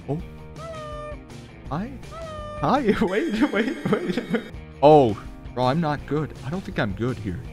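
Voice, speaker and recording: Young male streamer, excitable running commentary to chat, slightly high lively voice, faint music under. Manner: excitable, talks to chat, yelps and laughs in high bursts. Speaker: gaming streamer. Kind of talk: live gameplay commentary.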